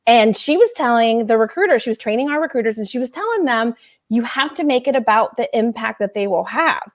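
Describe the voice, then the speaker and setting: Chatty higher-voiced woman on a call. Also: animated, fairly quick. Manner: chatty, conversational, laughs easily. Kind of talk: casual chat.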